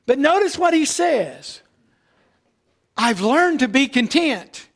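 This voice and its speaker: A man preaching a sermon, emphatic and repetitive, slowing down to stress key words. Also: extremely high pitch, big pitch swings, creaky, a bit bright. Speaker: pastor.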